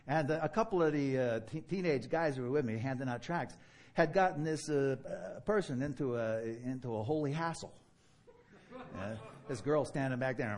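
A man with a New York accent delivers a sermon in a lively, quick way. His voice is husky and sits a little high for a man, and his pitch swings widely as he acts out exchanges. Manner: animated and fast-talking, with laughter and mock dialogue. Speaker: preacher.

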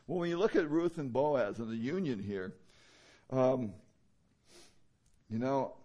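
A man's voice: mid-range voice, expressive, a little slow, pauses often, warm tone. Man, pastor, conversational sermon, fillers, asks the room questions. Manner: conversational preaching with many fillers and rhetorical questions.

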